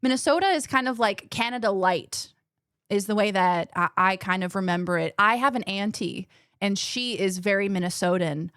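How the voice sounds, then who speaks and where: A woman streamer chatting casually with her viewers, animated and rambling, often restarting her sentences. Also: mid-range voice, normal speed, smooth, no room sound, clean studio sound. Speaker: gaming streamer.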